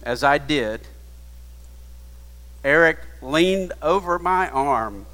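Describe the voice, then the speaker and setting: Slow-preaching man in a reverberant hall. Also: on the high side, expressive. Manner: slow, hushed retelling rising to emphatic preaching. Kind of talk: sermon storytelling.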